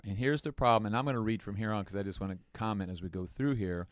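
A man's voice: on the low side, fast talker, few pauses, dry recording, clean studio sound. A man leading a casual Bible study, retelling the story with jokes and asides to his group.

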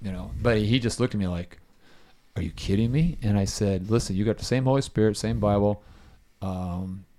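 Lowish-voiced man leading a Bible study. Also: fairly quick. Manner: animated storyteller, asks listeners questions. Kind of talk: casual Bible study teaching.

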